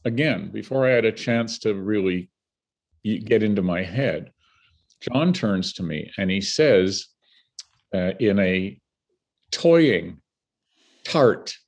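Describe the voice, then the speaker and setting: Husky older man telling stories. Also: on the low side, takes it slowly, long pauses. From Canada. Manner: animated, vivid storyteller who laughs between anecdotes. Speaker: guest. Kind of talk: storytelling in conversation.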